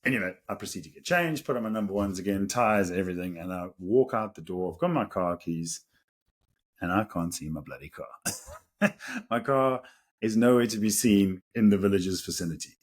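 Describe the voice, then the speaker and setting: A man's voice: lowish voice, moderate pace. Laughing South African man telling a story. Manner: animated, laughs through the story. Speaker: podcast co-host. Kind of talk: casual storytelling.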